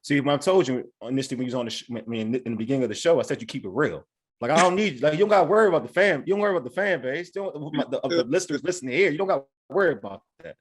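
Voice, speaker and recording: Fast-talking male sports radio host. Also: fairly high pitch, animated, husky. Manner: fast, loose and conversational, quick agreement. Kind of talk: casual sports radio talk.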